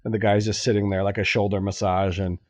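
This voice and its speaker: Fast-talking man telling a rambling story. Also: lowish voice, no echo. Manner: rambling, animated, swears freely, acts out both sides of his stories. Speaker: podcast co-host. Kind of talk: casual storytelling chat.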